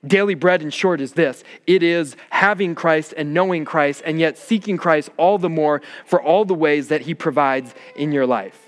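A man's voice: on the high side, normal speed, few pauses, in a large hall. A man preaching a sermon as pastor, earnest and rising in emphasis.

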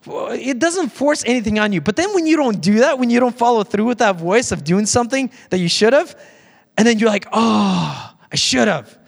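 High-voiced man preaching in a reverberant church. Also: expressive, brisk. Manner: conversational preaching with frequent restarts. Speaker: pastor. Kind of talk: sermon. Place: church sanctuary. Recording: long church hall reverb.

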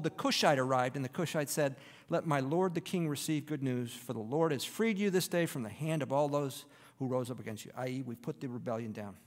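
A man preaching a sermon, reading scripture and explaining it, swinging between raised, emphatic lines and hushed, near-whispered asides. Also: mid-range voice, big-room sound. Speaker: pastor.

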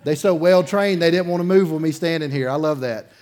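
A man preaching a sermon as pastor in his church, telling a story in a loose, conversational way, chuckling between sentences and swinging from loud bursts to quiet asides. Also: fairly high pitch, fairly quick. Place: church sanctuary, in front of a congregation.

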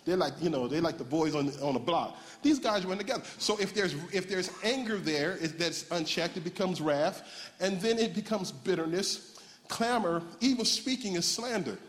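A man preaching, his voice sitting high. He banters playfully with the congregation between points, and his words ring out with a long reverb through a large church hall. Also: lively intonation, moderate pace. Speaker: pastor. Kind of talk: sermon.

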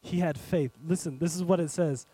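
A man preaching a sermon, animated and speaking straight to his congregation, swinging between loud and hushed. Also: fairly high pitch, moderate pace, breathy edge, no echo, low-quality recording. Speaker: pastor.

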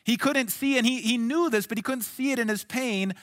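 A male pastor preaching a sermon in an earnest way, dropping to soft, hushed lines and then rising to emphatic ones. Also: very high-pitched, brisk, big-room sound.

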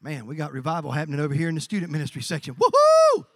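A man preaching a sermon as pastor, animated, acting out quoted voices and swinging from quiet lines to shouts. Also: on the high side, racing, no room sound, studio quality. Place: church.

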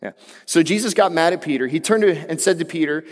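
A man's voice: fairly high pitch, expressive, fast. A man preaching a sermon in a conversational way, mixing jokes with emphatic, rising passages. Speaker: pastor. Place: church hall. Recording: long hall reverb.

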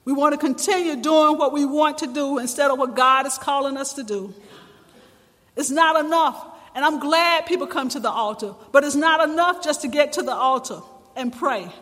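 A man preaching a sermon with passion, his voice climbing to shouts at times. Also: extremely high pitch, moderate pace. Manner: impassioned preaching, rising to shouts. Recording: long reverb in a large hall.

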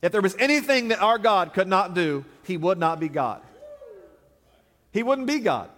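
A pastor preaching a sermon, building up with emphatic, repeated phrases. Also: male voice, high voice, lively intonation, normal speed, a bit bright, big-room sound. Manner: preaching with rising emphatic repetition.

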